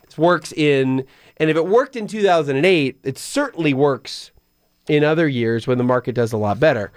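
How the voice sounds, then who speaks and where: A man hosts a finance call-in show from a radio studio, offering money advice conversationally and often restarting his sentences. His voice is a little high, smooth and lively in intonation at a normal speed, recorded on a studio microphone with no echo and studio quality.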